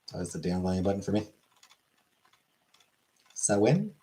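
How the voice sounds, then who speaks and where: A man's voice: deep voice, flat delivery, racing, dark tone. A man chatting casually on a livestream, rambling and offhand, swearing now and then.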